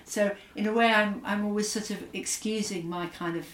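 A woman's voice: medium pitch, steady tone, normal speed, reverberant, recorded from a distance. A middle-aged woman author from Scotland with an English accent, speaking thoughtfully in an interview with frequent hesitations and fillers. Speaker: author, guest. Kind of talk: reflective interview conversation.

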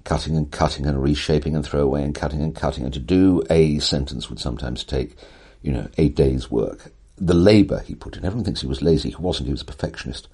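An older man with an exceptionally deep, husky voice, speaking as an interview guest. He talks in eloquent, wry, theatrical sentences, reaching for vivid phrasing. His pacing leans on rhythm and emphasis. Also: quick pace, few pauses, dark tone. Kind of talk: animated conversational storytelling.

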